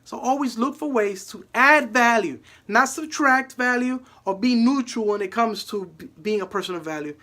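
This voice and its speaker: A man's voice: very high-pitched, normal speed, hardly any pauses, pushed and bright. A man telling a motivational story to an audience, emphatic and fond of repeating his key phrases. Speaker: motivational speaker.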